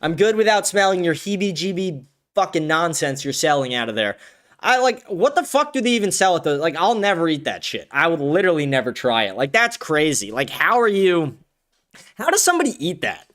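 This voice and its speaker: A man hosting his own livestream talks in a loose, rambling, profane flow and laughs often. His voice sits a little high for a man and swings up and down a lot. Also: sing-song, brisk, fairly bright tone. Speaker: livestream host. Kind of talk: casual livestream chat.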